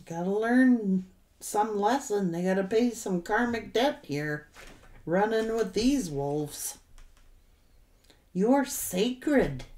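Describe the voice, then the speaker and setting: A woman giving a tarot reading to her audience, speaking straight to the viewer with drawn-out remarks and sudden exclamations. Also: medium pitch, expressive, a little mellow. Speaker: tarot reader.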